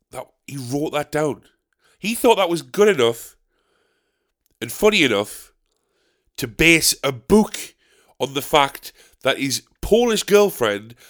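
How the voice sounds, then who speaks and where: A stand-up comedian who also hosts pub quizzes tells a story in a casual monologue, ranting in exasperation and swearing freely. His voice is mid-range and a bit bright.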